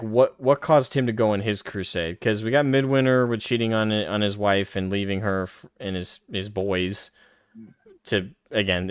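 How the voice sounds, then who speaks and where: A man's voice: fairly low pitch, clear, resonant tone, no echo, clean studio sound. A man hosting a casual podcast chat in a laid-back, agreeable way. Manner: laid-back, agreeable, reads super chats. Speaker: host.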